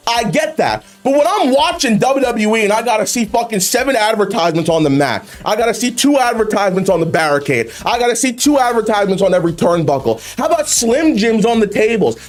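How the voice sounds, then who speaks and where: A man's voice: sits high, very animated, a little fast, hardly any pauses. A man hosting a video, ranting about wrestling in an exasperated, profane way with heavy swearing. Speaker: YouTube host reacting to wrestling memes. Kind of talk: ranting commentary.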